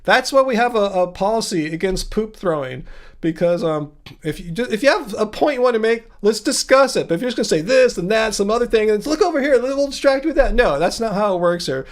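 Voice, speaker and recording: A man's voice: high-pitched, lively intonation. A man hosting a live Q&A stream, reading chat comments and answering with playful sarcasm. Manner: sarcastic, playful, quick retorts. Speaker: livestream host.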